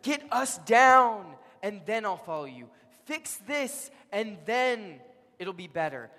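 A preacher playing a frantic dying criminal. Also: male voice, big pitch swings, slow, sharp tone, exaggerated voice. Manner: screaming, pleading, high and strained. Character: desperate dying male criminal begging for rescue. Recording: long hall reverb.

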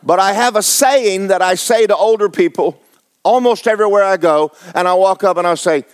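A man's voice: high voice, moderate pace, smooth. A man, preaching a folksy, joking, emphatic sermon as pastor. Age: 70s.

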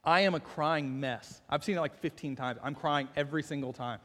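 Male pastor, middle-aged, high-pitched, storytelling sermon, big reverberant room. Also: a little fast, fairly bright tone. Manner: storytelling, self-deprecating humor, builds to fervent intensity.

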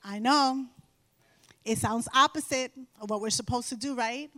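A middle-aged woman sharing a Christian testimony with an audience, telling her story in an animated way and repeating phrases for emphasis. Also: a little high, normal speed, no echo, studio quality. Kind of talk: faith testimony told to an audience.

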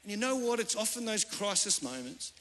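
A man's voice: high voice, big pitch swings, fairly quick, a bit bright. A man, a pastor giving a sermon in an earnest, conversational storytelling way. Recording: reverberant church hall.

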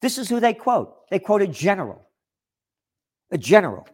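A man's voice: sits high, very animated, moderate pace, husky. A man delivering an opinion monologue, reading out news articles and rebutting them in a sarcastic, indignant tone. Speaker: political commentator.

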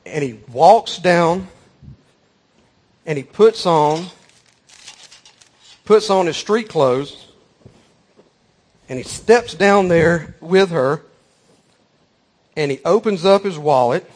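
A man's voice: on the high side, expressive, slow pace, pauses often, darkish tone. A man preaching a sermon, telling a folksy story with emphatic repeated phrases.

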